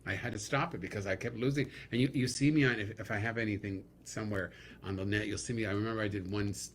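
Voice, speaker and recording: A man's voice: on the low side, fast, slight background noise. A man who is a comedian, a guest on a podcast, chatting casually and jumping into comic impressions. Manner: lively, breaks into comic impressions.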